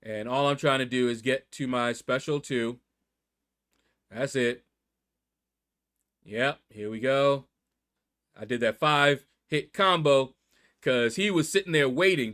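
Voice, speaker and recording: A man hosting his gaming channel, talking viewers through his matches in a chatty, excitable way. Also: medium pitch. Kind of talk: mobile game commentary.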